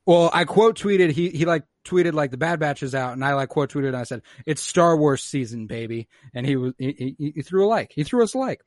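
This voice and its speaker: A man casually recapping a show episode, acting out the characters' lines in quick little voices and swearing freely. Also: fairly high pitch, dry recording. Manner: animated storyteller who acts out characters' lines, swears freely. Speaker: podcast co-host recapping a show. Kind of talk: casual chat.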